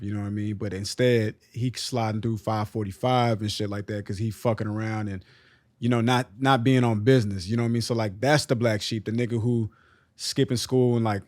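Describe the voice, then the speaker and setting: Laid-back texas guy on a podcast, lowish voice, lots of slang and um, dry close sound. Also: steady tone, fairly quick, darkish tone, dry recording. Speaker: podcast co-host. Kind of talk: casual chat.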